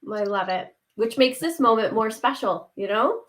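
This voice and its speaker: A woman hosts a live-streamed conversation on a video call. She sounds appreciative and leans on fillers, and her voice sits a little high. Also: lively intonation, moderate pace, a bit bright. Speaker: host.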